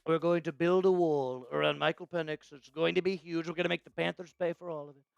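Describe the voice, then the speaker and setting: A man's voice: on the high side, steady tone, fast, gravelly, smooth, no echo, lo-fi sound, soft background music. A man doing an impression of a boastful male politician, full of grand promises and repeated superlatives. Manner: bragging, repetitive superlatives.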